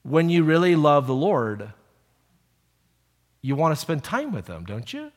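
A middle-aged male preacher delivers a sermon with a somewhat high voice. He tells personal stories in a hushed, casual tone, then climbs into emphatic exhortation. The sound carries a long reverb, like a large church hall. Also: big pitch swings, a little slow. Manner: storytelling, shifts from hushed to emphatic.

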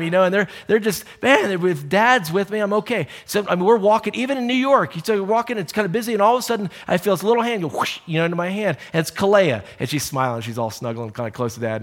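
A middle-aged man preaching a sermon in a church, telling stories with animated energy and speaking in an earnest, hushed way as he prays. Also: high-pitched. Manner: storytelling, animated in anecdotes, hushed and earnest in prayer. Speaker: pastor. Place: church auditorium.

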